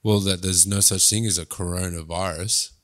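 Bright-voiced, rambling podcast man. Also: deep voice, steady tone, moderate pace. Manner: rambling, full of fillers, laughs loudly. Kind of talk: casual chat.

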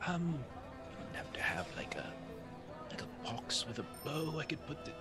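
A man's voice: a little high, very animated, moderate pace, over loud music, voice pushed down. A man putting on a fussy British gent. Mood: polite. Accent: put-on British. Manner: exaggerated, stammering politeness. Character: pompous British gentleman adventurer, fussy and polite. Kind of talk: tabletop role-play.

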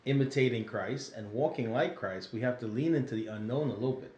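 A man co-hosts a casual Bible study talk, at a middle pitch and in an easy conversational way. He keeps checking in with the other person as he explains. His voice carries a roomy echo. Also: brisk, darkish tone. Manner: conversational, often checking with "right?". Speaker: podcast co-host.

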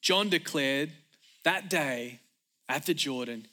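A man preaching a sermon as pastor, emphatic and energetic, returning again and again to a repeated refrain. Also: a little high, slow.

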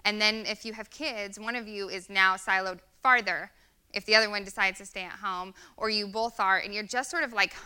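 A woman's voice: medium pitch, fairly even intonation, fairly quick, bright, forceful tone, clear, resonant tone. A woman in her thirties giving an earnest, conversational sermon with many fillers. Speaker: guest speaker.

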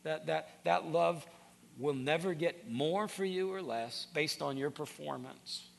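Earnest preaching man with gravelly voice. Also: on the high side, a little slow. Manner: earnest, repeats words when starting sentences. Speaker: pastor. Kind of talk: sermon.

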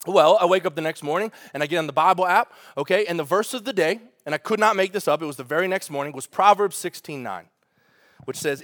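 A male pastor delivers a sermon in a high, bright register. He talks conversationally and with energy, turning aside to speak directly to the congregation. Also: fast talker.

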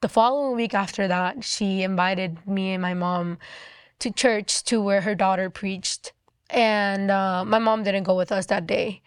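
Brief: young woman recounting a faith testimony, casual and rambling, mid-pitched, dry. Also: steady tone, smooth, no echo. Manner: quick and chatty, full of "like". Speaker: guest sharing a testimony. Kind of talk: personal testimony storytelling.

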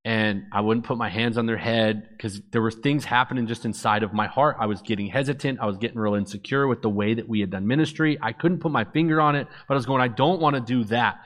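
A man in his thirties tells his personal testimony as a lively storyteller, jumping into character voices for the people in his story. His voice sits at an ordinary middle pitch, and he speeds up and slows down with the story. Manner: animated storyteller acting out dialogue. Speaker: speaker giving testimony.

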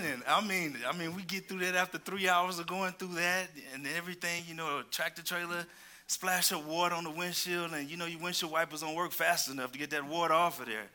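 Animated, bright-voiced pastor telling stories. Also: male voice, fairly high pitch, fairly quick, slight background noise. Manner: animated, playful storytelling with laughs. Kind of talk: sermon with storytelling.

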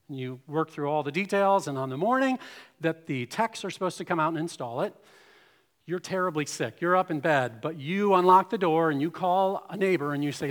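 A man's voice: on the high side, expressive, normal speed. Man preaching in a reverberant hall. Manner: expository preaching, reads scripture aloud. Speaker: pastor. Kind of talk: sermon.

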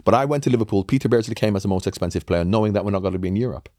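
Man in his sixties, interview guest, very rapid delivery, insistent and argumentative, dry close sound. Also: lowish voice, mellow, no room sound. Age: 60s. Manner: insistent, interrupts and argues back firmly. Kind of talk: heated interview debate.

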